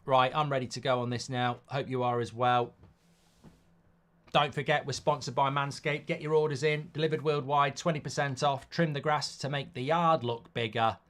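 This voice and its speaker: A man's voice: mid-range voice, fairly even intonation, moderate pace, fairly bright tone. A middle-aged man, hosting a live football watchalong in a chatty way and reading out viewer comments. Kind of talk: casual live-stream chat.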